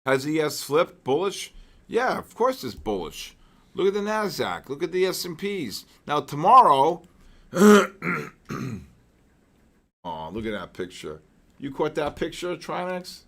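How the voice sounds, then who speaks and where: A man hosting a live trading session, giving rambling market commentary with repeated words, exclamatory asides and frequent throat clearing. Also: on the high side, sing-song, normal speed. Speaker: trading show host.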